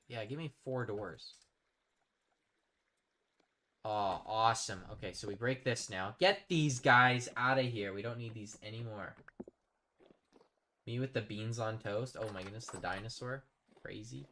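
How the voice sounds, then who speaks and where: A man's voice: medium pitch, bright, forceful tone. A man chatting casually while live-streaming a game, rambling and reading out his chat. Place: home streaming setup.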